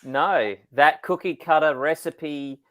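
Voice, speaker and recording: A man's voice: fairly high pitch, slow, fairly bright tone. A man co-hosting a casual film chat over a video call, an easygoing storyteller with a sardonic streak who laughs easily. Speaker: filmmaker co-host.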